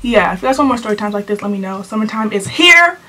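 A teenage girl telling a storytime vlog to her camera in an animated, sassy way, full of slang. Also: medium pitch, fast, over music. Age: teens. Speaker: vlogger.

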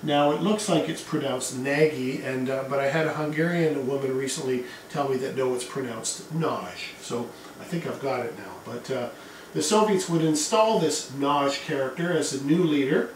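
A man's voice: mid-range voice, normal speed, a little hiss or hum. A man giving a casual history lecture to a class, talking in a conversational way with asides and fillers. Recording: echoey room, mic at a distance.

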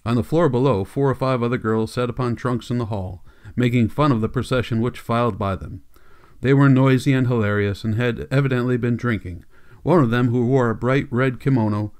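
A male audiobook narrator reading a classic novel in a measured, steady storytelling manner. His voice sits at an ordinary middle pitch for a man. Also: clean tone. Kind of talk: scripted narration.

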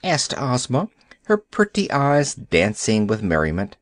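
A man narrating a classic storybook audiobook with expressive, animated storytelling. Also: mid-range voice, unhurried, no room sound, clean studio sound.

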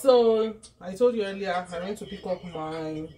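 Speaking straight to her audience, a vlogger shares her news in a chatty, excitable way with plenty of asides, all shot on a handheld phone. The clip opens in a car with vehicle noise and shifts to a small home office, with crowd noise present. She has a medium pitch and a moderate pace.

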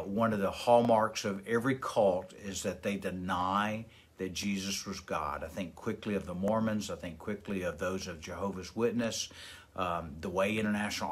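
Man, pastor, daily devotional, earnest, emphatic, lowish voice. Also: fairly bright tone, husky. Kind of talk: daily devotional Bible teaching.

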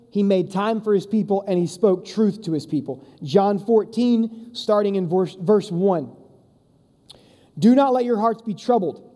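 A man's voice: sits high, mellow. A man preaching a casual, conversational sermon as a youth pastor, with emphatic repeats and direct address to his listeners. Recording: long reverb of a large hall.

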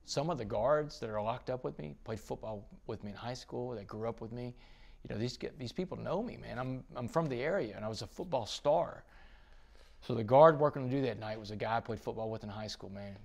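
A man's voice: medium pitch, brisk, gravelly. A man from Texas, a podcast guest telling a dramatic story in an interview. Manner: dramatic storytelling, rising to excited bursts.

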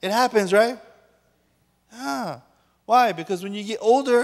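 A man's voice: high-pitched, measured pace. A man preaching as a pastor, joking with the audience and acting out quoted voices. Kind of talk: sermon. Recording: long reverb of a large hall.

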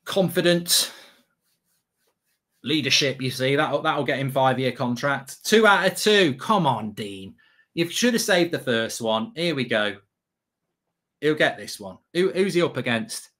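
A man giving excitable, sweary live reaction commentary as a streamer, half talking to himself. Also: mid-range voice, measured pace.

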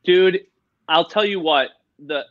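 Bright, excitable man telling stories. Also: on the high side, takes it slowly. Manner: excitable, rambling, lots of fillers and quoted voices. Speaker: guest, animal expert. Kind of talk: excited storytelling in casual interview. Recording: dull lo-fi sound.

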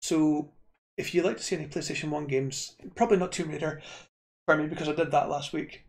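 A man's voice: a little high, fairly even intonation, a little fast, gravelly. A Scottish man streaming retro games, chatting casually and rambling to his viewers with frequent restarts.

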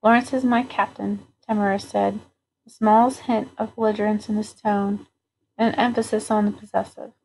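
A woman narrating a novel aloud at a steady, even pace. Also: medium pitch, moderate pace, creaky, a little hiss or hum, poor audio. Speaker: audiobook reader.

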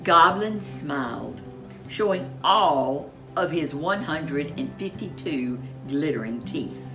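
A woman reading a children's storybook aloud as narrator, in an expressive, unhurried way. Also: low-pitched, music in the background.

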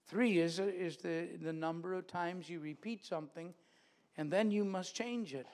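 A man's voice: a little high, moderate pace, a little mellow. A man preaching a sermon in a church, earnest and repeating phrases for emphasis.

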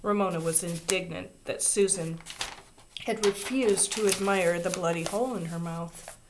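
A woman reading a children's chapter book aloud in a soft, expressive, unhurried voice. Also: lowish voice, noisy background. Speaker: reader. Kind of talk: storybook read-aloud.

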